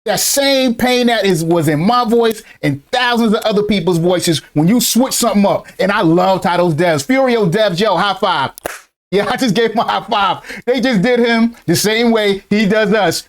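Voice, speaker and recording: A man's voice: high-pitched, moderate pace. A man hosting casual reaction commentary on crypto, laughing often and talking in loose slang with a mocking edge.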